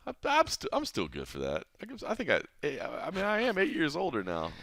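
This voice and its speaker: A middle-aged man hosts a casual podcast, tossing off jokes in easy banter. His voice is bright and punchy, with pitch that jumps around animatedly. The sound is dry and close. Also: fairly quick, no echo. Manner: lively, jokey banter. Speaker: podcast host and commentator. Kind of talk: casual chat.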